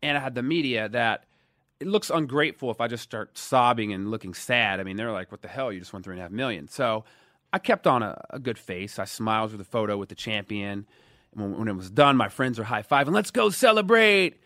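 A man in his thirties from Dallas, telling stories in a casual interview, animated, swinging between loud emphasis and quiet asides. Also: on the low side, a little fast, no echo, studio quality. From Dallas, USA. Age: 30s. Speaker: guest.

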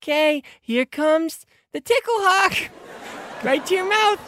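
A woman's voice: very high-pitched, bright, forceful tone, a little hiss or hum. A woman improvising in a comedy show, talking hesitantly with many ums. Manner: hesitant, fidgety, lots of ums. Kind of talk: improvised comedy role-play.

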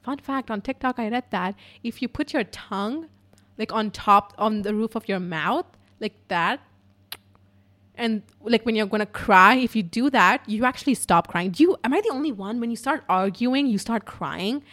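A woman hosts her own podcast and rambles through a personal story in a loose, chatty way. She swears freely and fills the gaps with "like" and "um", and her voice goes from loud and animated to hushed asides. Her pitch sits in the middle for a woman. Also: moderate pace. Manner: chatty and profane, with lots of fillers. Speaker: podcast host.

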